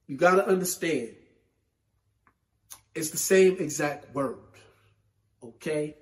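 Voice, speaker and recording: A man from New York City hosting a solo hip hop show, with a New York accent, talking slowly and emphatically in casual commentary. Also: a little high. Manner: slow, emphatic, conversational with repetition. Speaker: podcast host.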